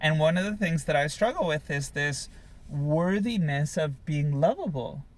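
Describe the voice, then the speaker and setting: A man's voice: a little high, lively intonation, moderate pace. A man in a candid couple conversation, thinking aloud in a reflective, searching way. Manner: reflective, searching, many fillers. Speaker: co-host.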